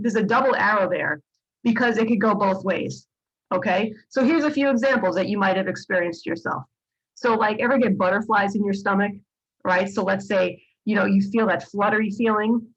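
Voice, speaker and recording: A woman's voice: mid-range voice, slightly rough, muffled recording. A woman psychologist teaching a video lesson, explaining patiently and often checking in with "right?" and "okay?". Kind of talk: lecture to camera.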